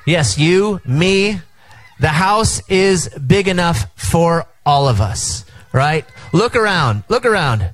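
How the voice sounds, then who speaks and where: A man's voice: sits high, animated, a little slow, fairly bright tone, rough recording. A middle-aged man preaching a sermon as pastor, engaging the crowd with call-and-response at an outdoor tent service.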